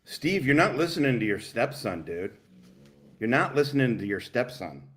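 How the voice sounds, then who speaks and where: Loud swearing male livestream host. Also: medium pitch, moderate pace, slight background noise. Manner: loud, laughing, swearing, animated. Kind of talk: profane reaction livestream commentary.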